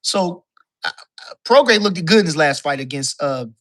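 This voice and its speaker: A man with a bright, forceful voice rants about boxing as a call-in guest. He swears freely and keeps repeating his points for emphasis. He sounds loose and heated. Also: on the high side, expressive, moderate pace. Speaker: guest caller, boxing commentator. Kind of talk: casual boxing talk rant.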